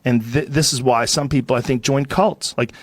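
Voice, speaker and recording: A man's voice: medium pitch, steady tone, moderate pace, no echo. A man hosting a podcast, musing in casual chat and hedging his points. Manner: thinks aloud, hedging. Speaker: podcast host.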